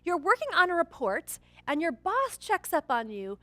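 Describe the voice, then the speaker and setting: A woman delivers a training keynote with a lively, swooping delivery, jumping into the voices of the people in her story. Her voice sits high and sounds bright. It comes across dry and close, with no room sound. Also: normal speed, few pauses, dry recording. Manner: animated storyteller acting out quoted characters. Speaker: corporate trainer and keynote speaker.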